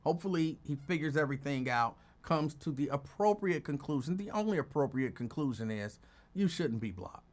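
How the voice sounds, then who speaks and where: A man's voice: a little high, animated, normal speed. A man hosting his own show, telling rambling stories in a casual chat and laughing often. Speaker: show host.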